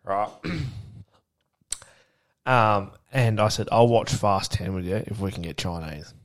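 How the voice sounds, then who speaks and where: Speaking slowly in a fairly low voice, this man co-hosts a podcast, spinning stories during easygoing chat full of cursing and frequent laughter.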